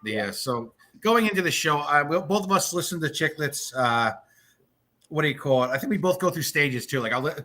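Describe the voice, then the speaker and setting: A man's voice: fairly high pitch, expressive, brisk, pushed and bright, low-quality recording. A man with a Long Island accent, co-hosting a podcast and chatting in a rambling, conversational way. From Long Island, New York. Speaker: podcast co-host. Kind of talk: casual interview chat.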